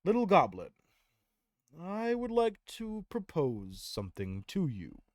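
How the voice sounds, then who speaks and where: A man's voice: high-pitched, wildly swooping pitch, slow pace, a little mellow, no echo, voice pushed up, heavily acted. A man voicing a kindly, formal former head of a church.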